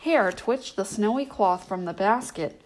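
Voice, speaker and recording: A woman hosting a bedtime story reading, narrating in a gentle, measured way. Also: medium pitch, expressive.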